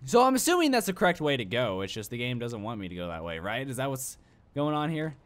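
A man's voice: mid-range voice, very animated, quick pace. Rambling young man doing game commentary. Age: young adult. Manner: rambling, self-mocking, talks to the game. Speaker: let's play commentator. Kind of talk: gaming commentary.

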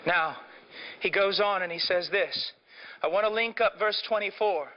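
A middle-aged male preacher with a high voice, delivering an impassioned sermon. He swings from hushed, low lines to ringing shouts. The recording is dull and lo-fi. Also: normal speed, a little hiss or hum.

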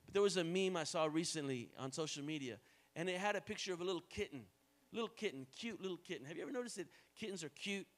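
An American man preaching a sermon as pastor, moving between quiet, low passages and loud, rising calls to the congregation, with playful joking asides.

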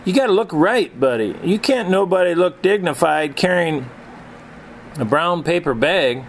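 A man's voice: high voice, lively intonation, a little slow, a little hiss or hum, pitched above the performer's own voice. A man voicing a proud, commanding older brother who talks in a firm, folksy way. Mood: insistent.

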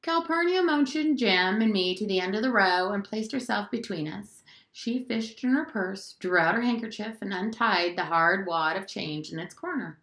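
A woman's voice: mid-range voice, expressive, normal speed, a bit bright. Woman reading a novel aloud, roomy. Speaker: teacher. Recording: roomy echo.

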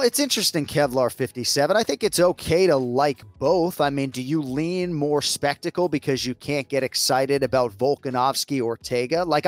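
An American man hosting a casual sports betting chat, chatty and self-mocking with quick asides. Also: medium pitch, dry recording. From United States. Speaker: host.

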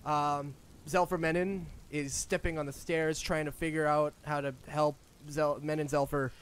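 High-voiced man running a tabletop game. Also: flat delivery, moderate pace, smooth. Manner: casual, laughs easily. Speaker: game master.

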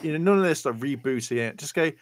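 A man's voice: fairly high pitch, lively intonation, quick pace. A man chatting casually on a podcast, playfully spinning comic scenarios. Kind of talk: casual chat.

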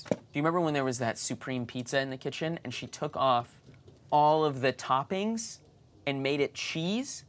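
A man's voice: mid-range voice, normal speed, a bit bright, a little hiss or hum. A man hosting a comedy sketch segment in a grumpy, sarcastic manner. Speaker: sketch show host. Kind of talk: scripted comedy banter.

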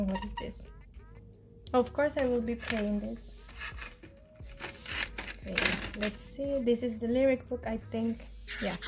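A fairly high-voiced woman talks casually through an unboxing, excitable, pleading and quick to laugh. Soft music plays faintly behind her. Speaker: vlogger.

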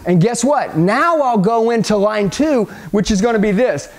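A middle-aged man with a very high-pitched voice talks a little slowly through a hyped, punchy sales training. He speaks directly to the listener and acts out phone calls.

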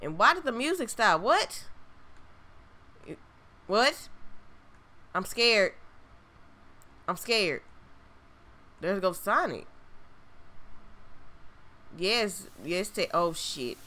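A woman streamer gives excitable, cursing commentary while playing a horror game. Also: medium pitch, takes it slowly, pauses often. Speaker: gameplay streamer. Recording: loud game music behind the voice.

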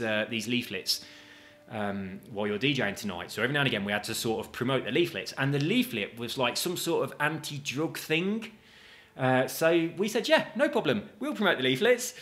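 Chatty and full of jokes, this man's let's-play commentary comes in a mid-range, fairly bright voice. As a gaming video host, he swears casually and makes asides to his audience.

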